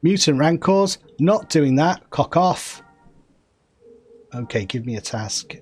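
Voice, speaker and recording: Wry northern English gamer. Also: male voice, a little high, expressive, a little slow, a little mellow, breathy edge. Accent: Yorkshire-Lancashire northern English. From north of England. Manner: rambling, thinking aloud, wry and joking. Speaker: gaming streamer playing an online game. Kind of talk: casual gameplay commentary and chat.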